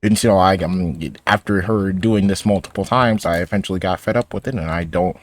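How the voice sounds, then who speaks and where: A teenage boy with a low voice rambles through stories while he plays a game. He restarts his sentences often and drops in sarcastic asides. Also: brisk, a little hiss or hum. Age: teens. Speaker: gaming YouTuber. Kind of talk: casual commentary over gameplay.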